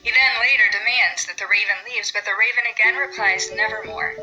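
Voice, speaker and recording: A woman teacher narrating a recorded lesson in a clear, explanatory way with a light wry touch. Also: a little high, steady tone, fairly quick, bright, forceful tone, lo-fi sound, soft background music.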